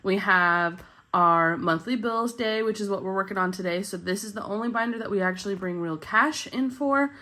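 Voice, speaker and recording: A woman hosting her budgeting channel in casual chat, upbeat and chatty, her voice husky with morning voice and a coming cold. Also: medium pitch, moderate pace, bright, forceful tone.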